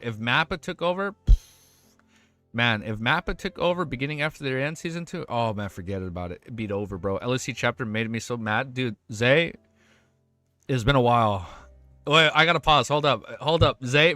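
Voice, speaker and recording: Excitable bright-voiced young streamer. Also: male voice, medium pitch, no echo. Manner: excitable, swears freely, talks to chat by name. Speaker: livestreamer reading a web novel aloud. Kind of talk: casual livestream chat and read-aloud.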